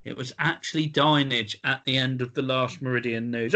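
Bright-voiced playful man hosting a quiz. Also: mid-range voice, fairly even intonation, brisk. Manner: playful, giggly, stumbles over words. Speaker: podcast host running a quiz. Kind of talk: casual chat.

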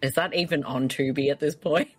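A woman's voice: deep voice, fairly even intonation, fairly quick, slightly rough. A woman hosting a casual movie commentary podcast, reacting with laughs and exclamations. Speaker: podcast host.

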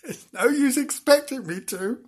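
A man voicing a sulky, gluttonous pet in a storybook, talking in a slow, drawn-out whine. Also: very high-pitched, animated, slightly rough, voice pushed up, full character voice.

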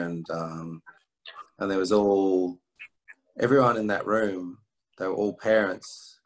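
Low, flat-voiced man telling a story. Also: low-quality recording. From England. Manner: halting, many restarts and fillers. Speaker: interview guest. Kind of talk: reflective storytelling.

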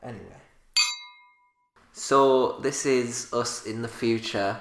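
A woman's voice: rumbling low, slow. A woman, bantering and teasing as a podcast co-host. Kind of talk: casual chat. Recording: echoey room with faint noise.

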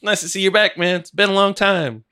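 A man with a bright, forceful voice chats loosely about a film with a friend. He argues his points with animated energy. He often jumps into joking impressions. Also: sits high, fairly quick, smooth. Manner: animated, argumentative riffing. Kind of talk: casual movie discussion.

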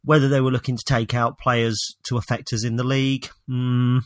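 Male co-host, mid pitch, dry home-office sound, opinionated, halting delivery. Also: flat delivery, dry recording. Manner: opinionated, hesitant with restarts. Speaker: podcast co-host. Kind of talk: casual football chat.

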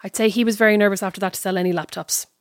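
A woman with an Irish accent co-hosting a podcast, telling stories in lively, animated casual chat. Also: mid-range voice, very fast, no room sound, clean studio sound. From Ireland. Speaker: podcast co-host.

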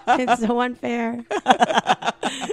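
A woman in her thirties with a hoarse voice after losing it, co-hosting a podcast with wry, self-deprecating chat. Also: on the high side, level tone, extremely slow. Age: 30s. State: hoarse from a lost voice. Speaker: podcast co-host. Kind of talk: casual chat.

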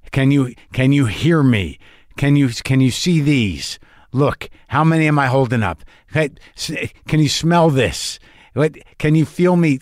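A man's voice: medium pitch, no echo. A middle-aged man hosting a podcast from his garage, talking in a wry, playful, riffing way. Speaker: podcast host. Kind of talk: casual podcast monologue. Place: home garage studio.

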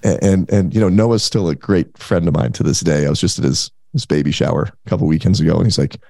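Male guest in his thirties, deep and gravelly, animated casual storyteller, dry close recording. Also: quick pace, no room sound. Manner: animated, acts out quoted voices. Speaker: podcast guest, entrepreneur.

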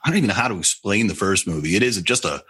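Host, man: curious, chatty interviewer with an animated, husky voice. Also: lowish voice, racing. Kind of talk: interview questions.

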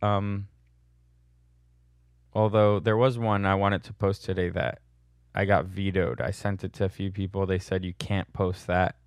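Blunt sardonic man, low voice. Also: fairly even intonation, unhurried, creaky, pauses often, dry recording, studio quality. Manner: blunt, sardonic, laughs at own jokes. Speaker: vlogger answering viewer questions. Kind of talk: casual Q&A monologue.

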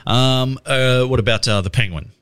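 A man's voice: mid-range voice, normal speed, fairly bright tone, clear, resonant tone. A man, chatting casually about a trailer, swearing freely and laughing often. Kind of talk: casual chat reviewing a trailer.

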